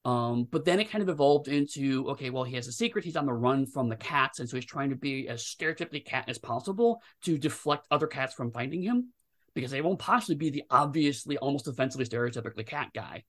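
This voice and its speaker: A man, a game designer guest, talking at length in a rambling, animated way with many restarts. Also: mid-range voice, fast talker. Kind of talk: casual interview chat.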